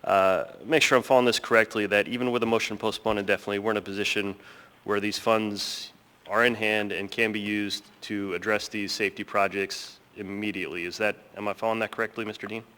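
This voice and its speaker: A man asks questions in an assembly chamber, hesitant and repeating his words. His voice is low yet bright. The hall adds a long reverb. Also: level tone, fast, clean tone. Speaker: assembly member. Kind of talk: formal public meeting questions.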